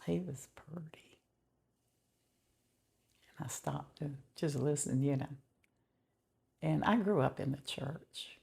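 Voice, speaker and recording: A middle-aged woman giving a slow, heartfelt personal faith testimony, often dropping to a whisper. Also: low voice, darkish tone. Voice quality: gravelly and very husky. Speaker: testimony vlogger.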